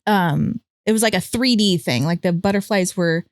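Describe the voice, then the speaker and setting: A woman's voice: lowish voice, normal speed, no echo, studio quality. A young woman co-hosting a podcast, telling a long personal story in casual chat, full of "like" fillers and swearing. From California. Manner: rambling, many "like" fillers, swears freely. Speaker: podcast co-host.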